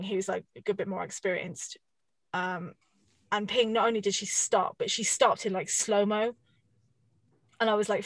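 A woman in easygoing conversation, animated and quick to swear as she tells stories. Her voice sits at an ordinary middle pitch. The recording is dry and close, with almost no room sound. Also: no echo. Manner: chatty, swears casually, animated storytelling. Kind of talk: casual chat.

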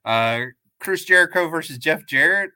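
A man's voice: on the high side, lively intonation, moderate pace, pushed and bright, clear, resonant tone, no echo. A man co-hosting a podcast, recapping matches in casual chat, rambling with fillers and restarts. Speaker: podcast co-host.

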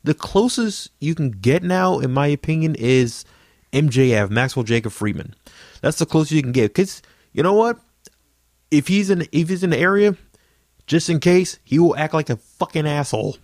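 A man's voice: a little high, animated, darkish tone, no room sound, studio quality. A man hosting a casual podcast, telling stories with plenty of swearing and fillers. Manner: fast, profane storytelling, lots of fillers. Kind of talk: casual chat.

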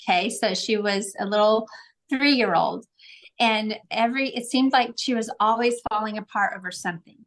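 A middle-aged woman, a parenting coach, talking in a podcast interview and telling stories with acted-out quotes. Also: normal speed. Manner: animated storyteller, acts out quotes with big pitch jumps.

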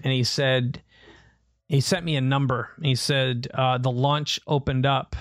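A middle-aged man telling a personal story in a relaxed, conversational way, his voice bouncing up as he acts out the people in it. He sits at mid pitch and sounds close and dry, with no room echo. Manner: animated storyteller, acts out quoted family voices. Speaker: podcast co-host. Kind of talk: casual storytelling.

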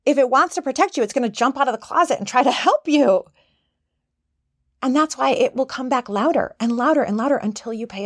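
A woman's voice: fairly high pitch, no room sound, studio quality. A woman coach giving a casual self-help talk in a conversational way, sometimes acting out the voices she quotes.

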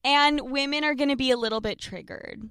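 A woman in her twenties co-hosting a casual podcast chat, animated and confessional, acting out dramatic quotes. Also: sits high, fairly quick, dry recording, clean studio sound. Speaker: podcast co-host.

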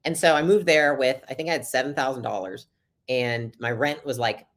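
A young adult woman, a podcast guest, telling her story in a casual, chatty interview and acting out the dialogue. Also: very deep voice. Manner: fast, chatty, acts out quoted dialogue.

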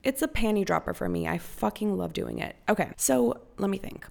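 A young woman from Costa Rica hosts a motivational podcast in a casual, direct way. Her voice carries a strong gravelly fry, and she swears freely while cheering her listeners on. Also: medium pitch, a little mellow. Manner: frank and profane, pep-talk tone. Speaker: podcast host.

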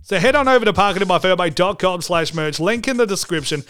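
Aussie guy hosting a jokey podcast, fairly high voice, swears a lot, faint music behind. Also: fast talker, clean tone. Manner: joking, animated, swears for laughs. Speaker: podcast host. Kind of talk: comedic podcast monologue.

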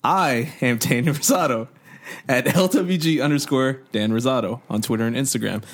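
A man's voice: medium pitch, moderate pace. A young man co-hosting a podcast, joking and teasing in casual chat and retelling a comedy bit with impressions. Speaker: podcast co-host.

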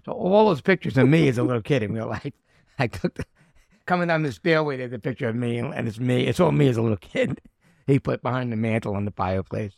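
Middle-aged guy with a gravelly voice, animated storyteller, dry close sound. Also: mid-range voice, quick pace, no echo. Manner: animated anecdotes, acting out quotes. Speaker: actor guest. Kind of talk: casual storytelling chat.

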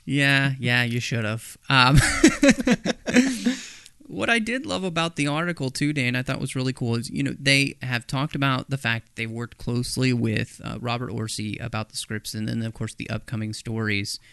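A man's voice: mid-range voice, normal speed, gravelly, sharp tone, smooth, no room sound, studio quality. A man co-hosting a podcast in casual chat, jokey and talkative, tossing in silly impressions. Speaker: podcast co-host.

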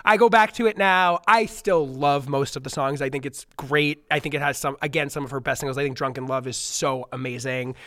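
A man's voice: mid-range voice, brisk, hardly any pauses, a bit bright, no echo, studio quality. A man chatting casually as a podcast panelist, enthusiastic and full of filler words. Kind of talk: casual chat.

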